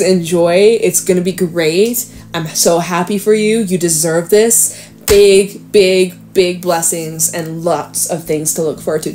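Excitable woman giving a tarot reading. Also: fairly low pitch. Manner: excited, emphatic, slangy and reassuring. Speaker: tarot reader. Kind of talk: casual tarot reading to camera.

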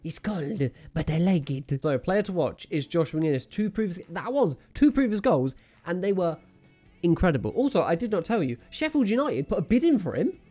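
A man giving jokey, excitable live commentary over a video game he is playing and talking straight to his viewers. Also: sits high, brisk, faint music behind. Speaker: gaming channel host.

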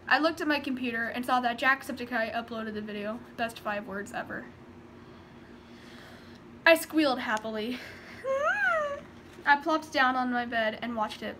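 A woman's voice: a little high, moderate pace, pushed and bright, slight background noise. A woman vlogger chatting nervously with sighs, then reading her own story aloud. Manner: rambling, sighing, nervous. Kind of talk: casual chat and story reading.

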